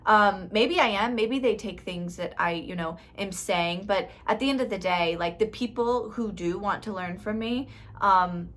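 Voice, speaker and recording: A woman in her thirties records a casual motivational vlog as a spiritual life coach. She talks in an emphatic, dramatic way and often laughs at herself. Her voice sits at an ordinary pitch for a woman. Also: unhurried, a bit bright.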